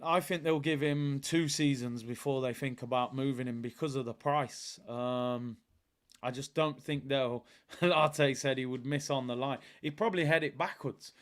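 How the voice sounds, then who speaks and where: A man hosting a live football watchalong, chatting casually and shouting out viewers. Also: medium pitch, fairly even intonation, moderate pace. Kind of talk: live football chat reading viewer comments.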